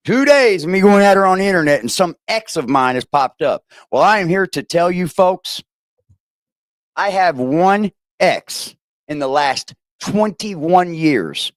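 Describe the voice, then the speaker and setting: A man hosts a livestream in a combative, profane rant. His pitch runs all over the place, dropping low and snapping up high. The sound is dry and close. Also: lively intonation, unhurried, no room sound. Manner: profane, combative, swinging from low growls to sharp highs. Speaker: streamer host.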